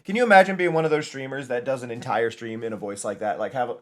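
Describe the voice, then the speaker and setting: A man's voice: mid-range voice, fast talker. A young man chatting casually on a live stream while playing a game, rambling and laughing often.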